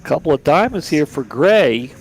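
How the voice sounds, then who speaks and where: A man's voice: on the high side, sing-song, normal speed. A man giving easygoing, chatty live commentary on a poker table from a booth. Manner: chatty, easygoing, repeats words. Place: commentary booth at a card room.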